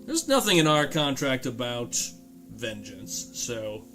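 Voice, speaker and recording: A man's voice: mid-range voice, big pitch swings, takes it slowly, over music. A man voicing a polite, wary male mercenary bodyguard in a tabletop game. He speaks courteously, with a dry sarcastic edge. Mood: guarded.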